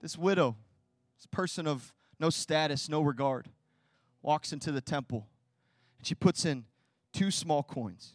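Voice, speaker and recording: A young man preaching with a high, bright voice that swings from hushed asides to loud, fired-up peaks. He talks to his congregation in a loose, slangy way, and the sound is close and dry with no room echo. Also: unhurried, pauses often. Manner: energetic, swings from quiet to loud, casual slang. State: tearful. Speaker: pastor. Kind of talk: sermon.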